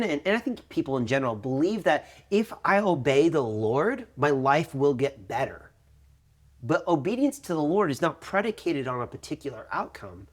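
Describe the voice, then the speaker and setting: A man in his thirties co-hosting a faith podcast, telling a personal story in a lively way and acting out what others said. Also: fairly high pitch. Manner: animated storytelling, acting out quoted voices. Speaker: podcast co-host. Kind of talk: conversational testimony.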